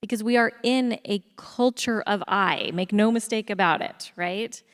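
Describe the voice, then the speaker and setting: A woman's voice: medium pitch, a little slow. A woman speaking on a panel, telling a personal story in an earnest, reflective way. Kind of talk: storytelling on a conference stage. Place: theatre stage. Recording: long hall reverb.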